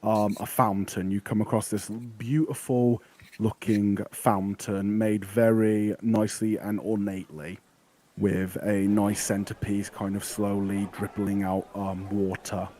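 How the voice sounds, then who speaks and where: Mellow-voiced man running a tabletop game. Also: fairly low pitch, slight background noise. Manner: relaxed, halting, with many fillers and restarts. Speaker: game master.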